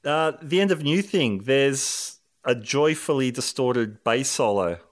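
A man interviewing a musician about his record, enthusiastic and quick with short replies. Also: mid-range voice, lively intonation. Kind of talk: conversational interview.

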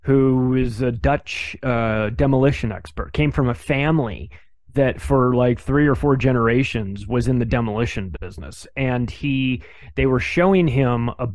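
A man telling a story on a podcast with lively energy, slipping into quick impressions of the people he quotes. His voice sits in an ordinary middle pitch and is recorded dry and close, with almost no room sound around it. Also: no echo. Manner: animated, acts out other people's dialogue. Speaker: podcast guest. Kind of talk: casual conversational storytelling.

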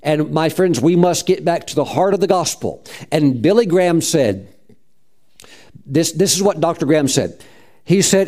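A middle-aged male pastor preaches with fervent conviction, his voice mellow and warm, sitting a little high for a man. He punctuates his points with "praise God" and acts out the voices he quotes. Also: animated, normal speed. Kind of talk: sermon.

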